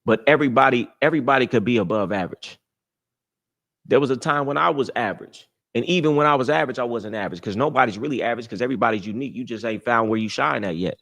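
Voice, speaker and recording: A man's voice: lowish voice, a bit bright. A young man hosting a live stream, giving casual dating advice in a brash, boastful, profane street-talk manner. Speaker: livestream host.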